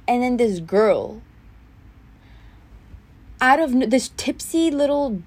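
A woman's voice: fairly high pitch, takes it slowly, pauses often, darkish tone. A young woman hosting a solo podcast, telling a story in a heated, indignant way, full of fillers and restarts. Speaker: podcast host.

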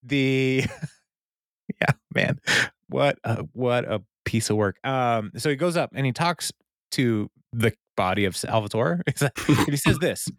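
A man's voice: medium pitch, a little slow, no room sound. Man, podcast co-host, casual recap chat, chatty storyteller, mid-range voice, dry close sound. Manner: chatty storytelling, laughing between lines.

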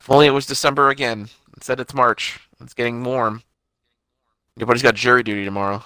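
A man's voice: medium pitch, fairly even intonation, quick pace, pushed and bright, no echo. A young man co-hosting a casual chat, giving dry, matter-of-fact remarks and episode details. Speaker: podcast co-host.

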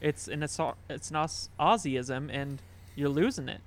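A man's voice: fairly high pitch, measured pace. A man hosting a casual podcast, easygoing and laughing along. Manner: easygoing, wraps up the show. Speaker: podcast host. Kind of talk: casual chat.

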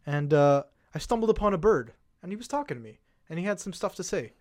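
A man's voice: high-pitched, big pitch swings, fast talker, a little mellow. Giggly guy with a wildly swinging voice. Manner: jokey and giggly, swoops up when laughing. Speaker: podcast co-host. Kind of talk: casual chat, telling a dream.

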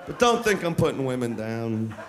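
A man's voice: mid-range voice, big pitch swings, normal speed, noisy background. A male stand-up comedian with a brash, crude, swaggering delivery on a comedy club stage. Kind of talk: live stand-up set. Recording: live club recording with crowd laughter.

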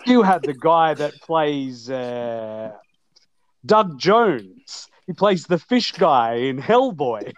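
An Australian man, a guest on a podcast, telling stories in casual chat with lively jokes and acted-out lines. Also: a little high, takes it slowly. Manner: lively, joking, acts out dialogue. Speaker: podcast guest, wrestling promoter.

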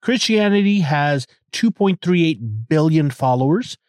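A man's voice: on the high side, sing-song, unhurried, a little mellow, clear, resonant tone, no echo, clean studio sound. A young man hosting a casual solo podcast from inside his car, rambling and irreverent, joking as he goes and restarting his sentences often. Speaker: podcast host.

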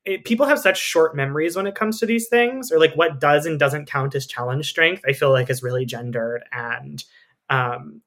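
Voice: medium pitch, a bit bright. A podcast co-host in casual chat, thinking aloud in long rambling sentences and turning blunt at times. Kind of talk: casual chat about a reality show.

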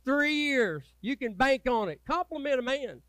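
A man preaching a sermon as pastor, folksy and swinging from loud urging to low, quiet asides. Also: expressive, normal speed, clean tone, dry recording. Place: church sanctuary.

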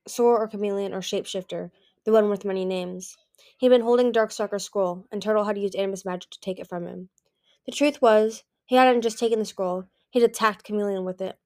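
A woman reading a chapter of a novel aloud in a steady storytelling way, with the odd restart. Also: mid-range voice. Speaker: audiobook reader.

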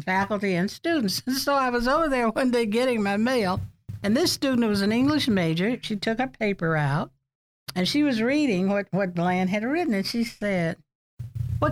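An older woman in an oral history interview, recalling colleagues as a chatty storyteller who laughs often. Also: medium pitch.

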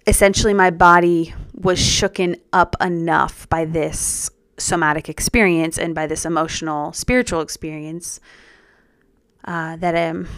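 A young woman telling her personal story as a podcast guest, earnest and reflective, in a soft-spoken way. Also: fairly low pitch, clean tone, dry recording, clean studio sound.

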